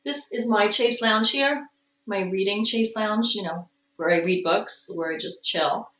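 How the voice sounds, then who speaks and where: A woman's voice: mid-range voice, a little slow, bright, forceful tone. A woman giving a casual tarot reading at home, with stretches where she coos baby talk to her cat. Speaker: tarot reader. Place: home room. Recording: roomy, distant, dull home recording.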